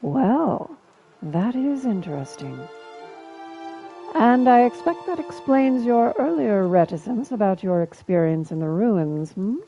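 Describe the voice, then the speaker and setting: A woman's voice: mid-range voice, sing-song, a little slow, creaky, dark tone, lo-fi sound, soft background music, pitched above the performer's own voice. A woman voicing a courteous, inquisitive male scholar in a fantasy game, using an attempted British-sounding accent. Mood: polite curiosity. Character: male elf scholar, polite and probing.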